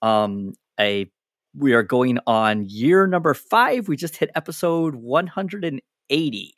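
A man's voice: mid-range voice, very animated, unhurried, dry recording, studio quality. A man guesting on a casual podcast interview, chatty and laughing, often restarting his sentences. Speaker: psychologist. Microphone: lapel mic.

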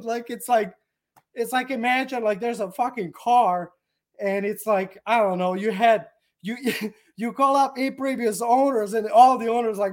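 A man chatting as a guest on a podcast, ranting in an animated, profane way and laughing often. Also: extremely high pitch, a little slow. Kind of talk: casual podcast chat.

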